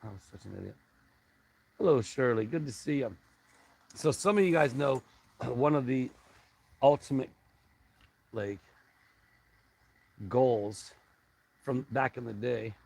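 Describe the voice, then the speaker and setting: A middle-aged man hosts a live stream in a relaxed, rambling way. He stops and restarts his sentences, reads out viewers' comments and chats straight back to them. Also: medium pitch, takes it slowly, creaky, long pauses, poor audio.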